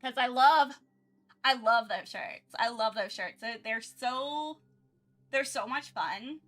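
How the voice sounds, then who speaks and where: A woman's voice: fairly high pitch, slow, a bit bright. A woman streamer chatting casually during her art livestream, rambling with many restarts and frequent giggles.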